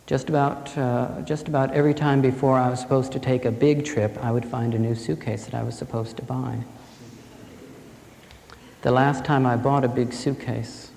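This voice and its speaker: A man telling a personal story in a calm, reflective way before an audience. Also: medium pitch, normal speed, vocal fry, slight background noise. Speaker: speaker. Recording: echoey hall with faint ambience.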